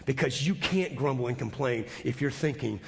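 A man preaching a sermon as pastor, emphatic and swinging from quiet to loud, often repeating words as he goes. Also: medium pitch, moderate pace, gravelly. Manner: repeats words and restarts phrases. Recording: long hall reverb.

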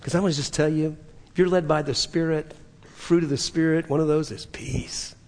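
A male pastor preaching a sermon, earnest, dropping to soft whispers and rising to emphatic peaks. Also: fairly high pitch, steady tone, moderate pace, long reverb tail.

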